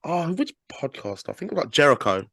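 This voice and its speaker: A British man in his thirties hosting a casual podcast interview over a call, chatty and quick to laugh. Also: a little high, sing-song, creaky, a bit bright, no echo, clean studio sound. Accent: British English. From England. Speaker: podcast host.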